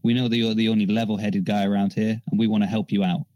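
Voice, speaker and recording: A man's voice: little pitch movement, mellow, no room sound, close to an everyday voice, rough recording. A man playing smug scheming Red Hood. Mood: persuasive. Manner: smooth persuasive pitch, measured. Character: scheming male antihero gang boss, smug planner.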